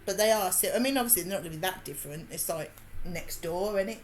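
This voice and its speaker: A woman with a light Birmingham twang chats in a rambling, laughing way as she crafts on a live stream. Her voice sits fairly low for a woman. Faint music plays behind her. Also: quick pace. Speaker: livestream host. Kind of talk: casual chat while crafting.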